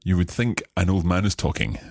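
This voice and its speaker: A man co-hosting a French lesson podcast, explaining phrases slowly and patiently, often chuckling. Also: low voice, animated, gravelly, a little mellow, slight background noise. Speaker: co-host of a French learning podcast. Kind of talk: relaxed teaching chat.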